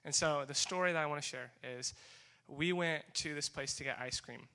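A young man giving a testimony talk to a group, animated and acting out the dialogue as he tells the story. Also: on the high side, moderate pace. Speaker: speaker sharing a mission trip story.

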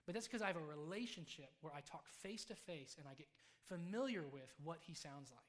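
A young adult man preaching a sermon in a conversational, storytelling way, dropping to soft, hushed tones for quiet moments. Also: on the high side, lively intonation, a little fast.

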